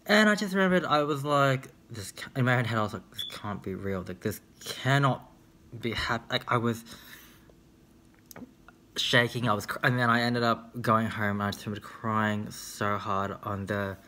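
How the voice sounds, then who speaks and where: A man's voice: medium pitch, fairly even intonation, normal speed, bright, forceful tone. Chatty young man telling stories. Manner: candid, chatty, filler-heavy storytelling. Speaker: vlogger. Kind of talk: casual storytime vlog.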